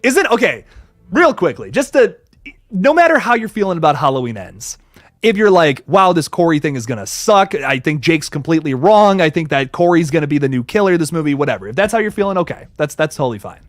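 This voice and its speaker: Animated young man hosting a livestream. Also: a little high, no room sound, clean studio sound. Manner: animated, swearing, quick asides and self-corrections. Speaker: livestream host. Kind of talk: casual livestream chat reading viewer comments.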